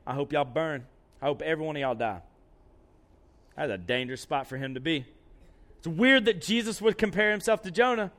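A man preaching a lively, conversational sermon. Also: high-pitched.

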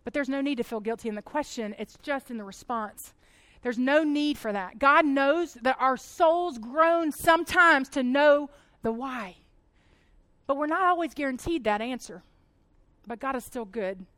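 A woman speaks to a group in a chatty, animated sermon, laughing as she goes. Her voice sits high and bright in pitch. The sound is close and dry, with almost no room echo. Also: moderate pace. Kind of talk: casual sermon talk.

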